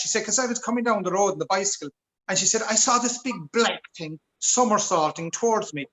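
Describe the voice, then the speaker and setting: Bright, high Irish man telling a yarn. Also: brisk, poor audio. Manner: stammering restarts, chuckles through the telling. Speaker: stand-up comedian. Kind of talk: rambling anecdotal stand-up. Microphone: video call.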